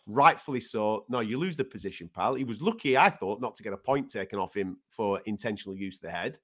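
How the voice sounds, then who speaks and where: A man co-hosting a sports podcast in casual chat. He is animated and swears casually. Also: on the low side, a little fast, hardly any pauses. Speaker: podcast co-host.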